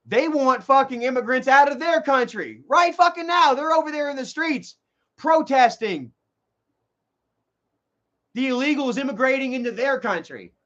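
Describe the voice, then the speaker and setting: A man's voice: very high voice, normal speed, fairly bright tone. A man ranting heatedly in a profane, rambling monologue full of restarts, on a dull lo-fi recording. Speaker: vlogger.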